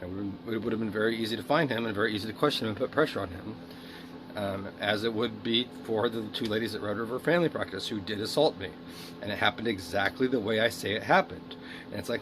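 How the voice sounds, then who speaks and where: A man's voice: mid-range voice, brisk, a little hiss or hum. A man speaking a rambling, emotional video diary monologue, swearing often. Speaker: video diarist.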